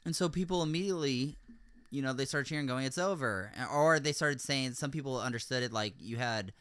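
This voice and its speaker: A man hosting a podcast, recounting events in casual chat, rambling with many fillers and getting animated when he rants. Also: medium pitch, a little fast, smooth, no echo. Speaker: podcast host.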